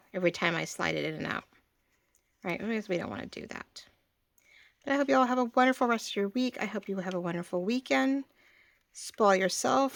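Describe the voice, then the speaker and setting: A woman in her forties talks through a craft project at her table in a loose, rambling way, often stopping and restarting her sentences. Her voice sits at an ordinary middle pitch. The recording is dry and close, with almost no room sound. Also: a bit bright, no echo. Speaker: craft channel host. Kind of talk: casual craft tutorial.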